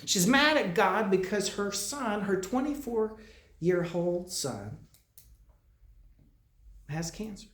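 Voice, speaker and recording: This hospital chaplain speaks in a high, very animated, slightly bright voice, and the room is echoey. Addressing a congregation in a meetinghouse worship room, he delivers an informal message in a halting, conversational style, often restarting and repeating phrases.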